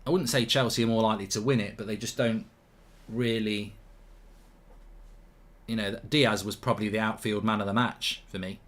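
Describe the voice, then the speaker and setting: A man's voice: lowish voice, fairly even intonation, moderate pace. A man hosting a live football watchalong, chatting casually, reading viewer comments aloud and often repeating himself.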